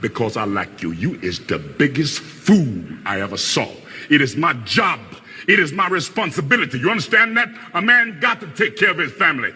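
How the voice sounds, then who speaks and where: A gruff, stern father lecturing his son. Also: very animated, normal speed, big-room sound, full character voice. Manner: gruff, lecturing, swings from low growls to shouts. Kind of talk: film drama.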